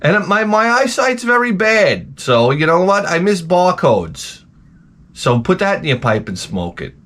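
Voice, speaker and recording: A man ranting profanely in a rambling vlog monologue, exasperated, swinging between loud outbursts and low muttering. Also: sing-song, unhurried. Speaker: vlogger.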